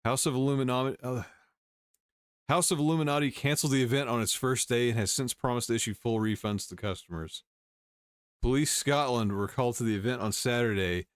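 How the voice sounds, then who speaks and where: A man's voice: mid-range voice, moderate pace, long pauses, dry recording. A male host casually reading and commenting on news stories, wry, with chuckling asides.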